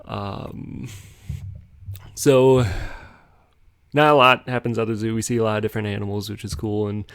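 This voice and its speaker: A man's voice: fairly low pitch, steady tone, normal speed, pauses often, fairly bright tone, smooth, dry recording, clean studio sound. A young man casually telling a rambling story on a podcast, chuckling as he goes. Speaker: podcast host.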